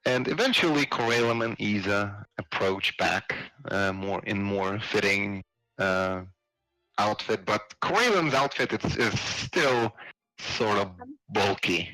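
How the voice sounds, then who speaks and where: Slow, bright-voiced male game master. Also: on the low side, no echo, faint music behind, rough recording. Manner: hesitant, many fillers. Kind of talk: narrating a tabletop game.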